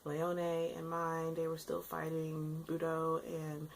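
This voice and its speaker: A woman's voice: low voice, monotone, slow pace, gravelly, a little hiss or hum, poor audio. A young woman recapping an episode in a casual vlog, rambling and emotional, with frequent exclamations. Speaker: anime reviewer.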